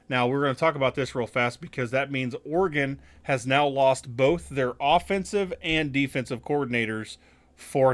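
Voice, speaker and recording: Young man running down coaching news. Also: mid-range voice. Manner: reads through coaching news, many fillers, swears. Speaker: podcast host. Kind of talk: casual chat.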